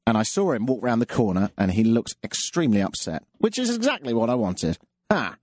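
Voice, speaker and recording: Lively self-mocking radio host. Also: male voice, medium pitch, brisk, dry recording. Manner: dry self-mocking storyteller. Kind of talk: casual monologue with jokes.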